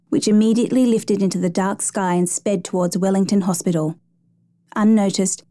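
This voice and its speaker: In a measured, steady way, a woman narrates the true story of a rescue, her mid-range voice mellow and warm. The audio sits close and dry, free of room sound.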